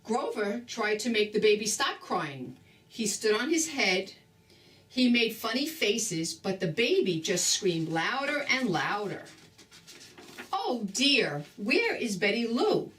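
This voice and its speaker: Slow expressive grandma reading aloud. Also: female voice, mid-range voice, far from the mic. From New Jersey. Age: older. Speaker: storybook reader. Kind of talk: reading a children's book aloud.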